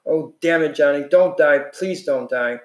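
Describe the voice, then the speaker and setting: A desperate teenage street hood speaks in a clipped, streetwise way, his voice pushed a little higher and louder than plain narration, as a man reading a novel puts him on. The sound rings in an echoey room. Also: a little slow, close to an everyday voice. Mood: pleading.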